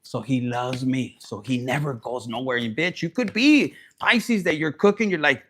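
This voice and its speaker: Bright-voiced joking tarot reader man. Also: medium pitch, normal speed, few pauses. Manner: raunchy, joking, mixes in Spanish. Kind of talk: live-streamed tarot reading.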